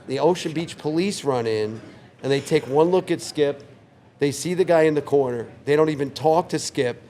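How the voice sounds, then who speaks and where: A man in his sixties, a longtime bar owner, telling a story in a relaxed, vivid way on a couch in his bar. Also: fairly high pitch, normal speed. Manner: relaxed, vivid anecdote teller who acts out quoted lines. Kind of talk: casual storytelling interview.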